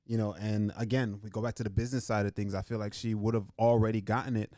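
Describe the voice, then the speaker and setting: Man, casual podcast co-host, animated, says bro, dry sound. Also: lowish voice, fast talker, no room sound. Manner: animated, acts out fighters' lines. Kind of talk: casual sports chat.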